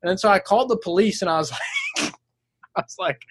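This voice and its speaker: A man's voice: brisk, no echo. A young man in casual chat, telling stories with lots of swearing and laughter and acting out the voices of people he quotes. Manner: animated storyteller, swears freely, laughs mid-sentence; acts out voices in quoted lines, jumping up high.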